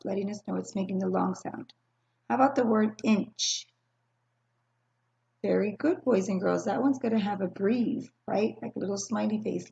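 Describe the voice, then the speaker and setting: A woman teaching a recorded phonics lesson to young children, speaking patiently and slowly, spelling out sounds and pausing for answers. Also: mid-range voice, vocal fry, warm tone, lo-fi sound. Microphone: screen-recording computer mic.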